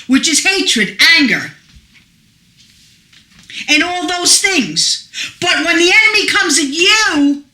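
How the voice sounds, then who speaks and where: Woman preaching hard, high bright voice, slow and emphatic, echoey room. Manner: fervent, emphatic, rising to shouts. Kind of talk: sermon.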